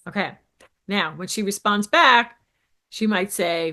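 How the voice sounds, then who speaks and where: A woman's voice: on the high side, very animated, measured pace, sharp tone. A woman coaching business owners on sales, with an upbeat, emphatic delivery, often checking in with "right?". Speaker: business coach and show host. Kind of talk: coaching talk to camera.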